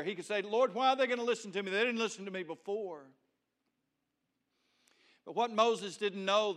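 A middle-aged male pastor preaching a sermon, folksy and homespun, dropping to soft low asides and rising to loud emphasis.

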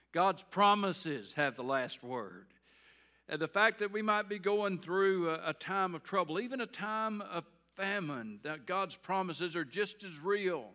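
A man's voice: a little high, sharp tone. A man preaching a sermon as pastor, folksy and earnest, with repeated phrases and small restarts.

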